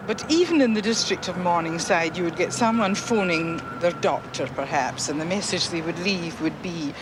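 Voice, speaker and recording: A high-voiced man with an Edinburgh accent explains things in a careful, measured way. His voice sits on old archive tape with clear hiss. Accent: Edinburgh Scottish.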